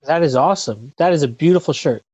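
Higher-voiced man hosting a podcast. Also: quick pace, darkish tone, breathy edge, no room sound, muffled recording. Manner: upbeat, stumbling over words. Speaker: podcast host. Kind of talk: casual podcast chat. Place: bedroom.

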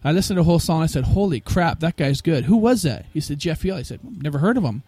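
Fast-talking man telling animated stories. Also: on the high side, breathy edge, dry recording. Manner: animated, acts out quoted voices. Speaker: guest musician. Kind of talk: casual storytelling interview.

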